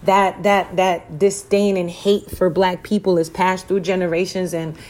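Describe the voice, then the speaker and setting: A woman's voice: fairly low pitch, little pitch movement, unhurried, darkish tone. A woman hosting a podcast, giving her blunt, heated personal opinions in a casual monologue with fillers and curses. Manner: conversational with frequent fillers. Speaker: podcast host.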